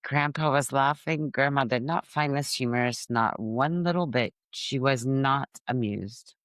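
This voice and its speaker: A woman's voice: extremely low pitch, a little slow, no room sound. Dry, close-miked middle-aged woman telling funny stories. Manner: animated, laughing at her own stories. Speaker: podcast host. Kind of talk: humorous family storytelling.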